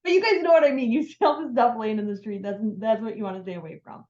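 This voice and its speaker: A woman's voice: on the high side, quick pace, darkish tone. Woman, sales coach, casual chatty talk, echoey room, dull lo-fi sound. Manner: chatty, upbeat, lots of filler words. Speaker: sales trainer.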